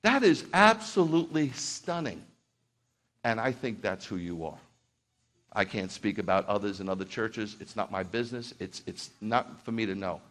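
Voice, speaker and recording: A man's voice: lowish voice, fairly even intonation, normal speed, fairly bright tone. A middle-aged man preaching as a pastor in a church, heartfelt and rambling at first, then building to fervent exhortation. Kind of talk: sermon.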